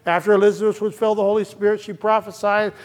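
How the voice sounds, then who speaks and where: A man's voice: sits high, flat delivery, rapid-fire, big-room sound. An older man preaching a sermon in a church, earnest and emphatic, his voice rising to exclamations. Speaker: pastor.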